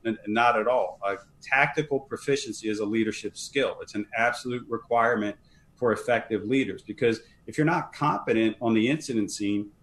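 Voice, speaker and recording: A man's voice: lowish voice, fairly quick, fairly bright tone, slight background noise. A man guest on a podcast interview, talking earnestly and emphatically, often repeating words as he starts a sentence. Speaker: fire service leadership trainer, guest.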